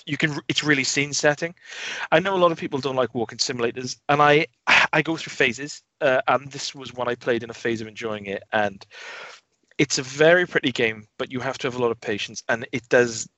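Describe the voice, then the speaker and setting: A man's voice: mid-range voice, a little fast, pushed and bright, no echo, dull audio. Chatty man, dry close sound. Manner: chatty, rambling, restarts sentences. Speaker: podcast co-host, game reviewer. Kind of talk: casual chat.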